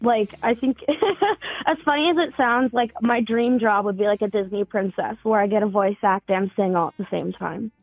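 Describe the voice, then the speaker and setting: A woman's voice: medium pitch, normal speed, no echo, faint music behind. A woman in her twenties calling in to a talk show, rambling casually with lots of fillers and the odd swear. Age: 20s. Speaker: caller. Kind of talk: casual phone chat. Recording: tinny phone line.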